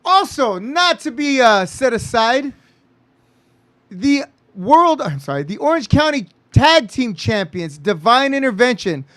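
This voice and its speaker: A man's voice: extremely high pitch, sing-song, measured pace, fairly bright tone. A man from California, a wrestling promoter, hyping an upcoming card in a rambling, self-correcting announcer patter. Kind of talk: casual promo chat.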